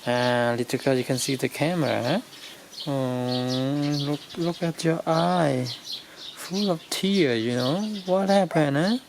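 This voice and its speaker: A woman's voice: deep voice, slow pace. A woman filming her dogs, cooing and coaxing her puppies in sing-song baby talk. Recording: noisy background hiss.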